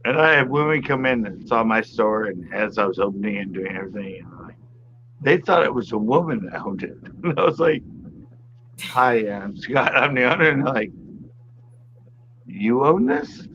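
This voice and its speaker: A man's voice: on the low side, expressive, brisk, fairly bright tone. A middle-aged man chats casually on a livestream, telling stories and laughing often. The sound is a little dull, with faint noise behind him. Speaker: guest.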